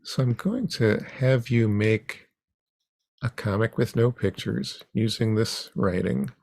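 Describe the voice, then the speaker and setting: Slow, gravelly-voiced man teaching a class. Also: medium pitch, darkish tone, no echo. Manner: unhurried, halting with frequent ums. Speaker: comics workshop instructor. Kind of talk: teaching an online workshop. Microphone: video call.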